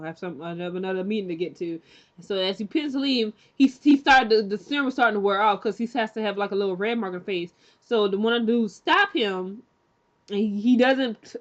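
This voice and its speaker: Woman rambling thru a tv recap, lots of fillers, middle pitch, kinda muffled lo-fi audio. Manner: rambling, many fillers and restarts; chatty and candid, acts out characters' lines. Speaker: TV show recap reviewer. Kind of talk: casual recap chat.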